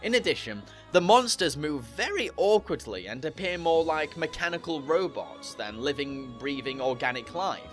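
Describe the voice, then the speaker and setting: A man's voice: on the high side, very animated, moderate pace, hardly any pauses, fairly bright tone, faint music behind. A man narrating a scripted review, opinionated and critical. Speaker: anime reviewer.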